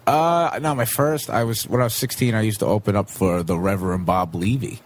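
A man in his twenties, a comedian guest, telling animated stories in casual podcast chat and slipping into quick impressions. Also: fairly low pitch, slight background noise. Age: 20s.

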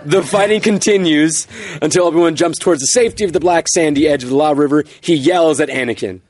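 A man's voice: on the high side, darkish tone. A man hosting an improv comedy game show, reading stage directions and explaining rules in an upbeat way. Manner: upbeat, quick to laugh.

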